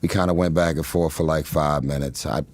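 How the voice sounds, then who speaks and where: A man's voice: extremely low pitch, steady tone, brisk, darkish tone, no room sound. A man in his forties from Los Angeles, a guest telling a long story in a casual interview, with many fillers, restarts and frequent laughs. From Los Angeles, United States. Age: 40s.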